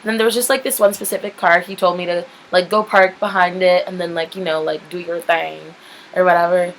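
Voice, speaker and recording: A woman's voice: on the low side, fairly even intonation, a little fast, a bit bright, a little hiss or hum, rough recording. Chatty young woman rambling through a story. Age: young adult. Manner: chatty, rambling, heavy use of "like", candid swearing. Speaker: vlogger. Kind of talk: casual storytelling.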